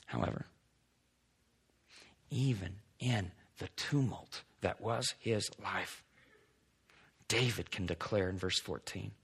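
A male pastor preaching a sermon, swinging between emphatic lines and hushed, slow passages as he reads scripture. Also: sits low, creaky, husky.

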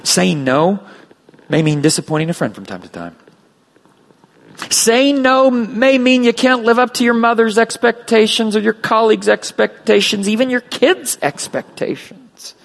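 Middle-aged male pastor, sermon, gravelly husky voice, lively swooping delivery. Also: sits high, normal speed. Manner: animated preaching with acted voices of children.

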